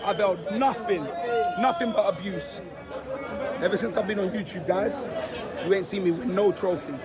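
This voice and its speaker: On a noisy, crowded street outside a stadium, a young Londoner vlogs to a handheld phone camera after a football win, surrounded by fans. His high-pitched voice is hoarse and nearly gone, at a moderate pace, as he delivers loud, boastful street-slang banter in an excited fan vlog.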